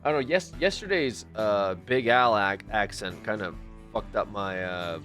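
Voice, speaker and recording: A man's voice: on the low side, unhurried, a bit bright, faint music behind. A man livestreaming a game, talking loosely and jokingly to his chat, swearing and calling them dude. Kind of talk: casual gameplay stream chat.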